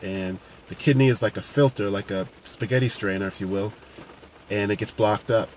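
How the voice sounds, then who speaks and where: Earnest male coach, lower voice, unscripted to-camera talk over faint traffic. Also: normal speed. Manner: earnest, unscripted, many restarts. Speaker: paramedic and fitness coach.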